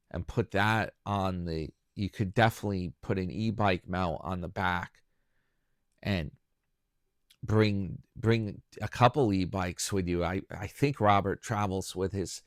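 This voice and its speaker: Speaking in a low-pitched voice, this man hosts a solo YouTube commentary chat, rambling on and poking fun at himself for his viewers. The sound is clean studio audio with no room sound.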